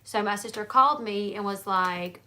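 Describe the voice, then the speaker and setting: A woman's voice: mid-range voice, moderate pace, pushed and bright. A woman hosting a casual livestream chat, telling rambling stories with many fillers and restarts. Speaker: livestream host.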